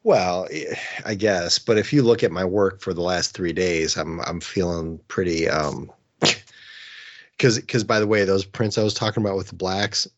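A man's voice: deep voice, moderate pace, dull audio. A man co-hosting a podcast, chatting casually, self-deprecating and laughing, with stammering restarts. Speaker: podcast co-host.

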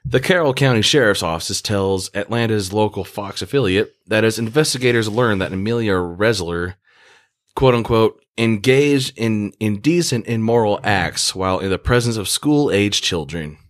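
A man's voice: lowish voice, normal speed. A tired man on a podcast, reading news stories aloud and stumbling over words. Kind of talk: casual chat and reading articles aloud.

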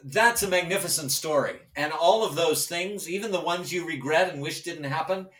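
A man's voice: on the high side, moderate pace, a bit bright. Podcast host guy, affirming and asking questions, roomy sound, far from the mic. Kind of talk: interviewing a guest.

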